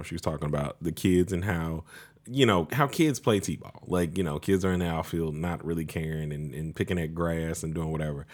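A man co-hosting a casual podcast, deep-voiced and a bit congested from allergies, meandering and self-correcting as he talks. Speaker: podcast co-host.

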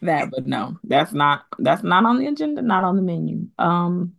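A woman hosting a podcast, telling stories in a casual, animated way. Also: on the low side, moderate pace, gravelly. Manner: animated storytelling, acts out voices. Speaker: podcast host. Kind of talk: casual chat.

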